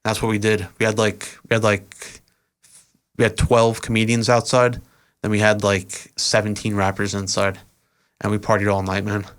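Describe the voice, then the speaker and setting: Appearing as a guest on a podcast, this rapper and event organizer spins long, relaxed stories in casual interview style. He's a young adult man whose slightly low voice sounds clear and resonant, and his talk wanders along slowly with plenty of "uh" fillers and little restarts.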